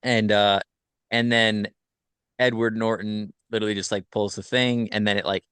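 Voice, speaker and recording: A man casually recapping a film plot on a podcast, rambling with many fillers and quick self-corrections. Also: fairly low pitch, little pitch movement, fairly bright tone, clean tone, no echo. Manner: rambling, filler-heavy retelling. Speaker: podcast host.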